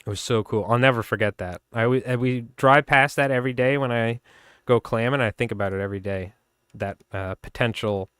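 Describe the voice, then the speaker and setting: A man's voice: medium pitch, fairly quick, clean tone, no room sound, studio quality. Laid-back Long Island man spinning fishing yarns. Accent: Long Island New York. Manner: rambling, laughing, animated storyteller. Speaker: fly tying livestream host. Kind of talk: casual storytelling chat.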